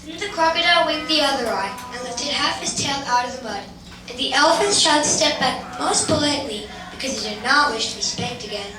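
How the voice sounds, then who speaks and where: An older woman narrating a children's tale in measured storybook style during an amateur stage musical. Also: high-pitched, animated, over music. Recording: echoey hall from far off, background noise.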